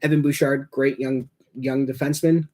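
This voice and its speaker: A man talks his way through a hockey game as a fan, in casual watch-along commentary. He rambles and reacts as he goes, with plenty of fillers. His voice sits at an ordinary middle pitch. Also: steady tone, moderate pace, darkish tone.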